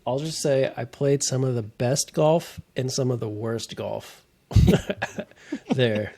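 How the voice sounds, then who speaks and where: A man's voice: medium pitch, animated, slow, dark tone. A man in a casual podcast chat, telling rambling golf stories and laughing often mid-sentence.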